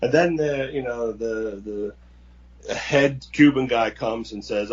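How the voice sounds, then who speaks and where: A man co-hosting a podcast, recapping a movie in casual chat with halting, rambling storytelling. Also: mid-range voice, muffled recording. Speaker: podcast co-host.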